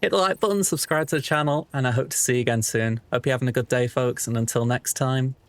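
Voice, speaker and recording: A man's voice: medium pitch, quick pace, no echo. Chatty man doing game commentary. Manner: chatty, upbeat. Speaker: let's play host. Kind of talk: casual gameplay commentary.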